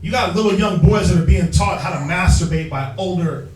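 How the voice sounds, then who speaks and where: A man teaching from the Bible in an emphatic, slangy street style, prodding his reader with quick call-and-response. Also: high voice, a little mellow. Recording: echoey room, distant mic, faint music.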